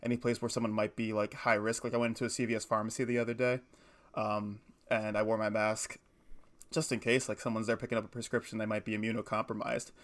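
A man's voice: fairly low pitch, level tone, a bit bright. A young man in his twenties co-hosting a casual podcast, telling stories in a rambling way and correcting himself often. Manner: fast, rambling, self-correcting storyteller. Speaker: podcast co-host. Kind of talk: casual chat.

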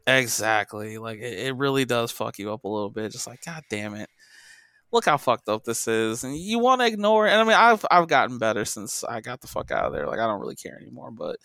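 A man talking on a podcast in a loose, profane, rambling way, full of fillers and false starts. His pitch rises and falls a lot. The sound is close and dry, with no room ring. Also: sing-song, a little fast, vocal fry, fairly bright tone, no room sound. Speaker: podcast co-host, former game tester. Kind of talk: casual podcast chat.

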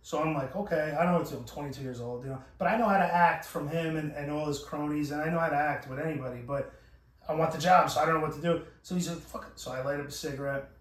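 A man tells a meandering, profane story, full of restarts and quoted lines. His voice sits a touch high. He sounds set back from the mic in an echoey room. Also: quick pace, distant mic. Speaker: podcast host. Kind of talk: casual storytelling chat.

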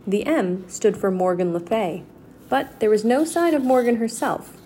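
A woman reading a children's chapter book aloud in a steady, clear storytelling voice. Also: on the high side, moderate pace, slight background noise.

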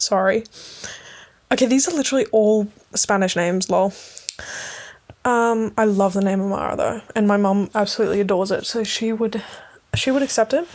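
A woman rambling casually in a late-night podcast episode, giggling often and swearing freely, sometimes dropping to a hushed voice. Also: mid-range voice. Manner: drops to a hushed voice at times. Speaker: podcast host.

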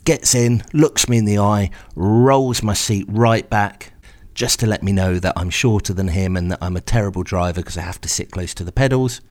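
Sex: male. Role: storyteller. Pitch: low. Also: moderate pace. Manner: wry, exasperated, animated retelling. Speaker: podcast storyteller host. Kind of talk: first-person storytelling.

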